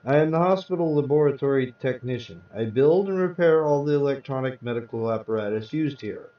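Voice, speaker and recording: A man's voice: medium pitch, expressive, a little fast, natural voice. A man reading aloud, voicing a small hospital lab technician who explains things patiently. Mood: explaining. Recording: roomy, distant, dull sound.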